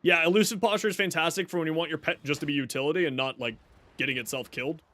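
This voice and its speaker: Chatty high-voiced male streamer. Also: fairly even intonation, very fast, sharp tone, no room sound. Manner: chatty storyteller who laughs often. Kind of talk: casual gameplay commentary.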